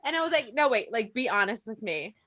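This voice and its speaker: A young woman co-hosting a casual podcast, telling animated stories and acting out the lines of the people in them. Her voice sits a bit high and swings widely in pitch, and she laughs easily. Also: fairly quick. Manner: animated storytelling, acts out quotes, laughs often. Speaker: podcast co-host. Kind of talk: casual chat.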